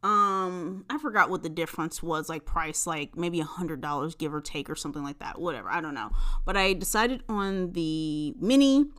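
A woman hosting a casual solo podcast, telling stories in a profane, animated way, jumping from loud outbursts to low muttering. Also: moderate pace. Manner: profane, animated storytelling with big swings between loud bursts and low mutters. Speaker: podcast host.

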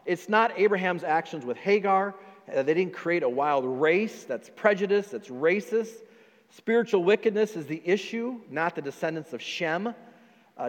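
A man's voice: high-pitched, expressive, moderate pace, in a large hall. A man preaching as pastor in a conversational sermon, with frequent fillers and restarts.

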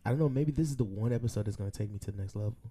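A man's voice: on the low side, rapid-fire, warm tone, slightly rough. A man co-hosting a podcast, joking and teasing his wife in casual banter and laughing often. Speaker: podcast co-host.

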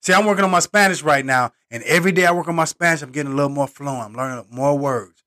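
A man delivers a motivational podcast monologue in a fairly high, bright, forceful voice. He talks in short, repeated slogans with a preacher's emphasis and swings between loud bursts and quiet asides. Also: quick pace.

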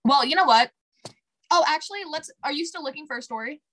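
A young woman co-hosting a podcast, telling stories in a blunt, profane, animated way. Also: high voice, fast talker. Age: young adult. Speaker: podcast co-host. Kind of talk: casual chat.

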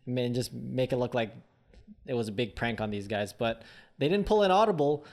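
Animated man co-hosting a chat. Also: medium pitch, brisk. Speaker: podcast co-host. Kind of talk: casual chat.

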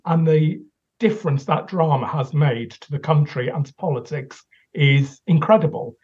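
This man's voice is fairly high, mellow and slightly rough. As a podcast co-host in a casual critical discussion, he rants and swears in exasperation. The recording is lo-fi and dull.

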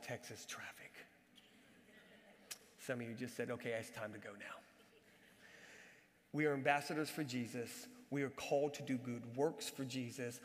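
A man preaching a sermon with storytelling, animated, swinging between loud outbursts and hushed, earnest moments. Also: mid-range voice. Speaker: pastor and basketball coach. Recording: long hall reverb.

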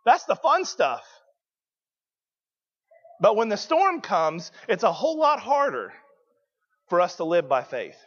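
A man's voice: sits high, highs cut off. A man preaching a sermon, emphatic and questioning the congregation.

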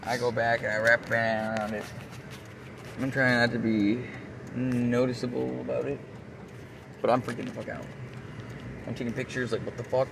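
Gravelly man telling a story, noisy outdoors. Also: medium pitch, level tone, normal speed, pauses often, distant mic. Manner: profane, rambling, frequent restarts. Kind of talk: casual personal storytelling.

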